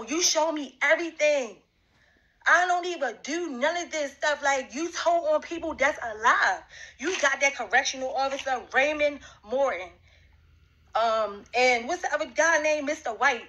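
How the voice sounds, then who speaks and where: Woman, high voice, bright tone, confrontational, repetitive, talking straight to camera. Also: normal speed, rough recording. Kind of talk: direct-address accusation.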